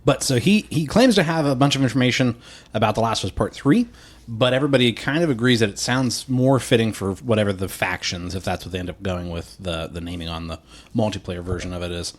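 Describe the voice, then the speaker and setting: A man's voice: fairly low pitch, quick pace. A man co-hosting a podcast in casual chat, laughing often and acting out quotes in silly voices. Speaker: podcast co-host.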